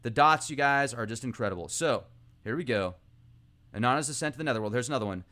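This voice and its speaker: A man hosting an informal monologue, talking animatedly and excitably, speeding up and slowing down as he goes. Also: mid-range voice. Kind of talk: casual esoteric monologue.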